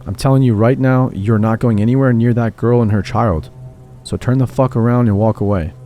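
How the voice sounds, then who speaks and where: A man voicing a big, gentle young man who speaks firmly and bluntly, within a story narration. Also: medium pitch, fairly even intonation, a little fast, faint music behind, lightly acted.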